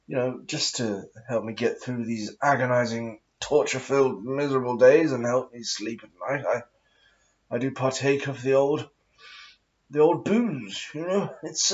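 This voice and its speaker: A man's voice: medium pitch, a little slow, muffled recording. A man in a rambling casual monologue, talking in an affected, posh, aristocratic put-on voice and swearing often as he meanders. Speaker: vlogger.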